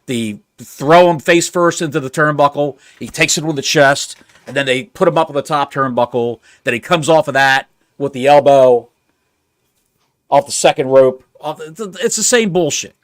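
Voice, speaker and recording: A man co-hosting a casual wrestling podcast, telling stories in a wry, drawn-out way. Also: on the high side, no room sound. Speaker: co-host.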